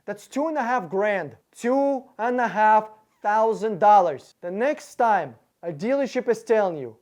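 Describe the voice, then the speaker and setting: Man, irritated rant, heavy swearing, sarcastic, halting restarts, talking to camera. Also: high voice, sing-song, darkish tone. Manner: angry, profane, sarcastic, thinks aloud through sums; stumbles and restarts words often. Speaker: car buying advisor and channel host.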